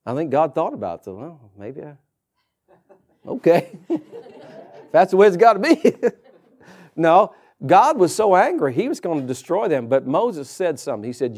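High-voiced animated male preacher. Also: moderate pace, pauses often. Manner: animated preacher calling out to the congregation. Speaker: pastor. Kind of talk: sermon.

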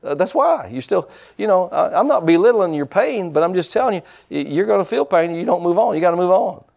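Male pastor, middle-aged, folksy and blunt, a touch high with a gravelly edge. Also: lively intonation, fast, darkish tone. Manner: folksy, blunt preaching with quoted asides. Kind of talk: sermon.

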